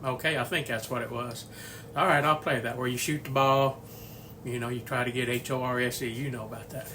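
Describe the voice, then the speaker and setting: A man in his sixties hosts a home cooking channel video from his kitchen, speaking mid-range, fairly quick, and flat, with a fairly bright tone and slight hiss or hum. In casual cooking video chat he's a folksy, rambling storyteller who chuckles often.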